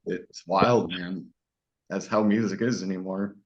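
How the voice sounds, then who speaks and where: A man's voice: low-pitched, fairly even intonation, measured pace. A man chatting casually as interviewer, swearing often and laughing easily. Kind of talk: casual chat. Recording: dull lo-fi recording.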